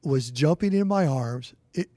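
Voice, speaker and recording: A man's voice: fairly high pitch, expressive, unhurried, mellow, no room sound. A middle-aged man co-hosting a church podcast, telling a personal story in a rambling, earnest way with restarts. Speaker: podcast co-host. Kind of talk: casual storytelling chat.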